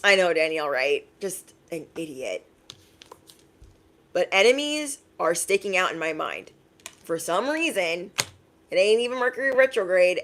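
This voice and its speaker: Young adult woman, sassy, emphatic, repeats herself, lowish voice. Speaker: intuitive reader, channeled messages. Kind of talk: casual direct-to-camera messages.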